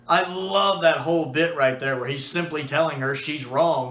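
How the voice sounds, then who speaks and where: A man's voice: on the high side, moderate pace, few pauses, a bit bright, roomy sound. A man chatting casually and enthusiastically as a video reviewer, with a few restarts and fillers. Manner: enthusiastic, acts out quoted lines.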